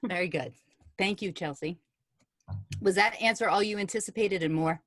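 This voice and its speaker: A woman radio host running a fan question session with upbeat, brisk introductions. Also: mid-range voice, fairly bright tone, dry recording, studio quality. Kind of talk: hosting a fan Q&A.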